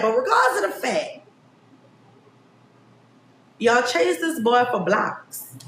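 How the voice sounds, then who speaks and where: A woman's voice: sits high, a bit bright, reverberant, a little hiss or hum. A woman hosting a podcast livestream, ranting bluntly and profanely about the news. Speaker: podcast host. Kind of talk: casual livestream commentary.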